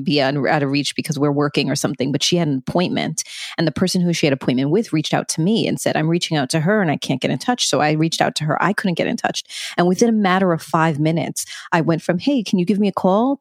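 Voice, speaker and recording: Woman with a lower voice, dry close recording, frank conversational storyteller. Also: dry recording. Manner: candid, storytelling, many "like" fillers. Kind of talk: casual conversation.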